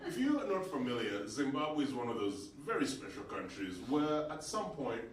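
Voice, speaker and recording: A male stand-up comedian from Uganda speaks at medium pitch and a moderate pace on a comedy club stage. Before a live audience, he tells animated stories with acted-out voices and chats with the crowd. The recording is roomy and distant, picking up audience noise.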